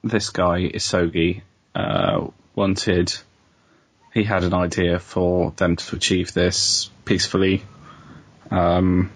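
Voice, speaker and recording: A man with a lowish voice and a gravelly, husky texture. He chats casually on a podcast and fills his recaps with relaxed ums. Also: slow. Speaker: podcast co-host. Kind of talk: casual chat.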